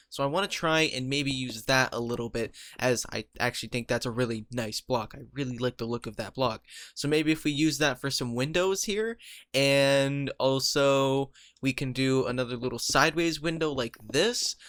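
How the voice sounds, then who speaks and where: A man giving casual commentary over his own gameplay, thinking out loud about his build and laughing easily. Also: medium pitch, no echo. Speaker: Minecraft let's player.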